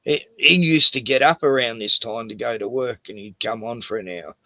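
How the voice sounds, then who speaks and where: A man's voice: medium pitch, normal speed, sharp tone, no room sound. An Australian man hosting a casual stream, rambling and laughing as he chats. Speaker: streamer host. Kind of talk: casual chat.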